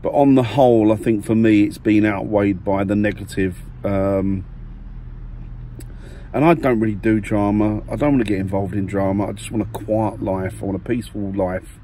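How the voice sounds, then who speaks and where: A low-pitched man talks to his channel from the seat of his car. He rambles in a friendly way, often stopping to correct himself. The recording carries a clear layer of background noise. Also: fairly even intonation, moderate pace, warm tone. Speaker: vlogger. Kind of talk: casual vlog to camera. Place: parked car.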